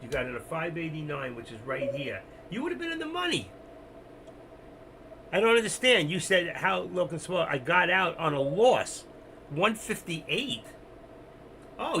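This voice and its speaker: A man's voice: a little high, bright, forceful tone, a little hiss or hum. A man hosting a trading livestream, talking casually and rambling, mocking himself and speaking straight to his viewers. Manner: rambling, self-deprecating, talks straight to viewers. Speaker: options trading livestream host.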